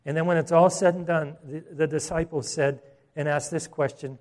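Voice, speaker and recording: A man preaching a sermon as pastor, earnest, restarting phrases and slowing down for emphasis. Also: on the high side, steady tone, darkish tone.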